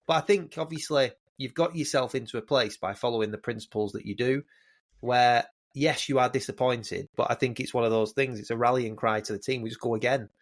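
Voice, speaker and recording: A man's voice: mid-range voice, brisk. A man co-hosting a casual podcast, encouraging and reassuring, with frequent restarts. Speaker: podcast co-host.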